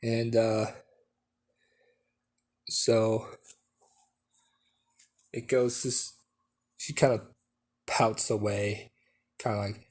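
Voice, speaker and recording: Slow, rambling man telling a story. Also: on the low side, level tone, darkish tone. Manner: rambling, full of fillers and restarts. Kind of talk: casual spoken fan-story telling.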